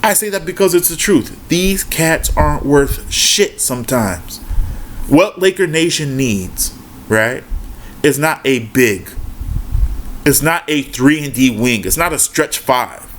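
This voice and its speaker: A man with a lively, animated voice that rises and falls, talking fast and emphatically. He runs his own basketball commentary channel and keeps asking "right?" and throwing in "man" between points. A faint hiss of noise sits under the recording. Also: a little high. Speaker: basketball YouTuber. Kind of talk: casual opinion rant.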